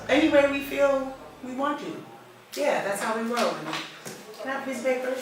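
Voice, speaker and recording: A woman's voice: animated, brisk, long pauses, music in the background. Teasing woman host in an echoey room. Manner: teasing, bursts of high laughter. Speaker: podcast host. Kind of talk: casual podcast chat. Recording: echoey room, far from mic.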